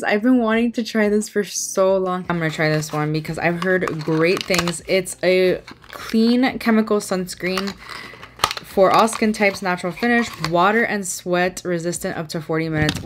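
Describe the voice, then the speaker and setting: A young American woman vlogging a product unboxing, excitable and gushing, reading the product blurbs aloud. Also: fairly low pitch. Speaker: beauty vlogger.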